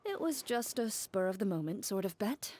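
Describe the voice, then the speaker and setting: A woman playing a composed, blunt young woman who speaks in a calm, matter-of-fact way. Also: medium pitch, moderate pace, slight background noise, close to an everyday voice. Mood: dry. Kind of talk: game dialogue voice acting. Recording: game cutscene with faint music.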